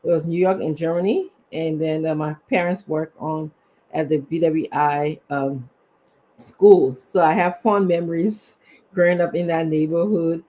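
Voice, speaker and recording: A man's voice: on the high side, steady tone, measured pace, dark tone. A man, co-hosting a live show and reading out viewers' names, sometimes stumbling over them. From Liberia. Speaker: co-host.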